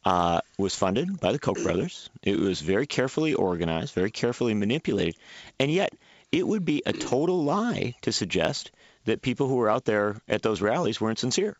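This is a man with a fairly low voice talking as a guest on a public radio show. His pitch moves a great deal as he drives each point home with emphasis. The sound is dry and a little muffled. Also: dry recording. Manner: animated, emphatic and rapid. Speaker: guest commentator.

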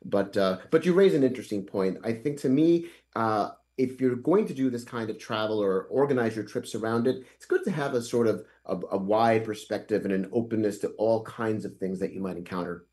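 A man with a lowish, mellow voice, talking as a guest on a radio interview. He answers in a thoughtful, halting way, often stopping to restart his sentences. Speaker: guest author.

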